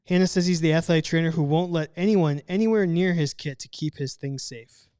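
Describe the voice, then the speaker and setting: A man hosting a podcast, playful, firing off quick questions and reading out comments. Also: a little high, warm tone, clear, resonant tone, no echo, clean studio sound. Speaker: podcast host. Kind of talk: casual chat.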